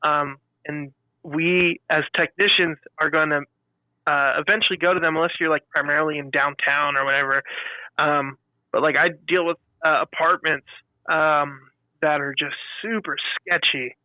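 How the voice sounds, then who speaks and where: A man co-hosting a podcast, telling animated stories about customers in a casual chat and acting out their lines. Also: on the high side, normal speed, dry recording, low-quality recording. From California. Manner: animated storyteller, acts out customer quotes. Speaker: podcast co-host.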